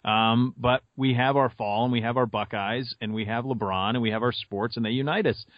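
A man in his thirties from Montana chats on a sports podcast and tells his stories with lots of fillers. He sounds like he is in a dead, dry space, and the sound is slightly dull. His voice sits at a middle pitch. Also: moderate pace, no room sound. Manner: animated storyteller, rambling with fillers. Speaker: podcast co-host and sports radio host. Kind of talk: casual podcast chat.

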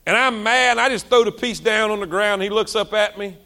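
A male pastor, preaching a sermon with passion, repeating himself and swinging between loud and soft. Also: high voice, brisk.

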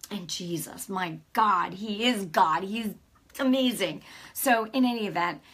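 Woman, middle-aged, bright voice, testimony sermon, fervent, swings from hushed to loud. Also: medium pitch. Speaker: speaker giving a testimony.

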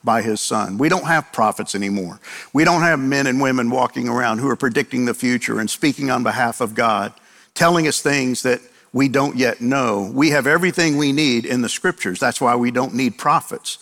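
A man's voice: mid-range voice, normal speed, a bit bright. A male preacher delivering a sermon, driving points home with repeated phrases and rhetorical questions he answers himself. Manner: emphatic repetition and rhetorical questions. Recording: long hall reverb.

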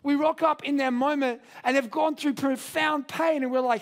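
A man preaching a sermon in an earnest, conversational way, raising his voice to a shout for emphasis. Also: very high voice, steady tone, moderate pace. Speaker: pastor.

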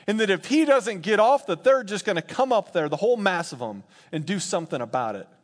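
A man preaching a sermon in an animated, laughing way, acting out quotes in playful voices. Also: sits high, fairly quick. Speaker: pastor.

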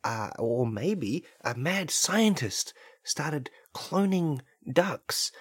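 Podcast guy doing a goofy conspiracy ramble, kinda husky, dry close mic. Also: a little high, big pitch swings, very slow, dry recording. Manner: mock-conspiratorial, rambling with restarts. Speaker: podcast host. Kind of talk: comedic monologue.

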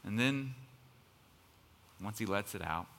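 A man's voice: lowish voice, expressive, slow pace, gravelly, fairly bright tone, slight background noise. A male pastor preaching a sermon in a conversational, impassioned way, sometimes building to emphatic outbursts. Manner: conversational preaching with fillers like "kind of".

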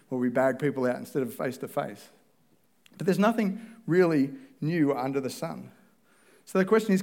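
A man's voice: fairly high pitch, a little mellow. A man preaching a sermon in a conversational way, acting out both sides of the dialogues he describes.

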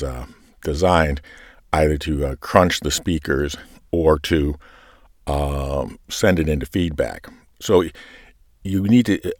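A man's voice: very deep voice, a little mellow, no room sound, clean studio sound. A man explaining to church readers how to pace and voice a scripture reading, then demonstrating it. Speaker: lector coach. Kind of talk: reading instruction.

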